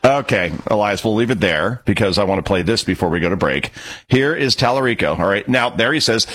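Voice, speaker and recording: A man's voice: animated, brisk, a bit bright. A man hosting a talk radio show, delivering a sarcastic, opinionated monologue. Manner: sarcastic, emphatic, swoops pitch for mockery.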